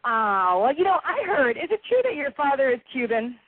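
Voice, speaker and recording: A woman hosting a boxing radio show, effusive and quick to laugh. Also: sits high, very animated, no room sound. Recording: tinny phone-like line, dry.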